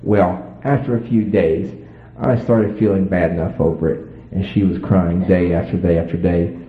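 A man telling a story to an audience in a folksy, animated way, acting out voices. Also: low voice, moderate pace. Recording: echoey tinny phone-like sound.

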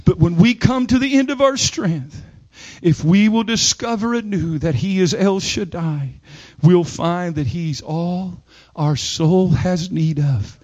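Fervent high-voiced male preacher, lo-fi sound. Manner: builds from low slow passages to loud high-pitched shouting preaching; calls on the congregation to repeat and respond. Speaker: pastor. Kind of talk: sermon.

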